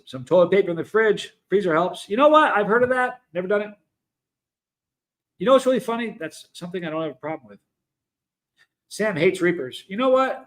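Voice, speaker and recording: A man's voice: high voice, a bit bright. A man hosting a casual livestream, chatting loosely and reading out viewer comments, often stopping and restarting mid-sentence. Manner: chatty, rambling, self-interrupting. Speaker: livestream host.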